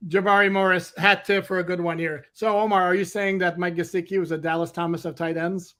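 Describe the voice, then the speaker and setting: A man co-hosting a sports podcast, answering questions and teasing his co-host in a dry, measured way. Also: high voice, flat delivery, pushed and bright. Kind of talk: casual sports podcast chat.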